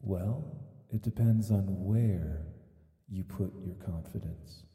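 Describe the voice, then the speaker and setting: A man voicing God in a church drama skit, speaking to a troubled man in a calm, unhurried and reassuring way. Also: sits low. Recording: reverberant hall.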